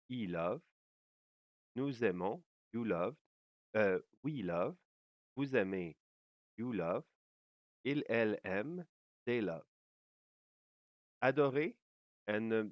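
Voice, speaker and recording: A man teaches at a very slow, deliberate pace, his voice sitting a little low. He pauses often and fills gaps with small hesitations. The sound is dry and slightly dull, as if from a modest home setup. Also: expressive, no room sound. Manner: slow and careful, with frequent pauses and fillers. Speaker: French teacher. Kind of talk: slow language lesson.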